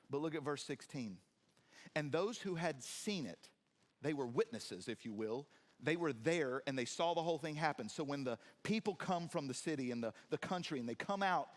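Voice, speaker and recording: A man with a fairly high voice preaches a sermon in a church sanctuary. He is animated and acts out scenes in different voices, joking with the congregation. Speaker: pastor.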